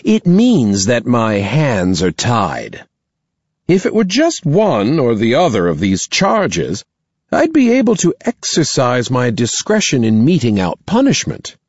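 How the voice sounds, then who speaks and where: A man voicing a stern middle-aged female school principal in an audiobook, formal and slow. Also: mid-range voice, huge pitch swings, darkish tone, no echo, dull audio, pitched above the performer's own voice. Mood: regretful. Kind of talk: audiobook character voice.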